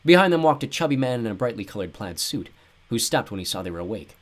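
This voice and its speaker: A man narrating an audiobook with expressive storytelling and wry asides. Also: medium pitch, fast talker. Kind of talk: scripted narration.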